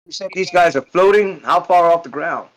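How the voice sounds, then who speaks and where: A man's voice: high voice, moderate pace, poor audio. A man playing a tabletop game, hesitant and asking about the rules. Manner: hesitant, asks rules questions. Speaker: player.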